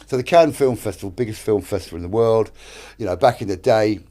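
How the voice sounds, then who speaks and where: A man's voice: fairly low pitch, fast, mellow. A middle-aged British man, an actor and director, tells stories as a podcast guest, swearing a lot and acting out other people's lines. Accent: British English. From Britain. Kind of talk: casual storytelling. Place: podcast studio.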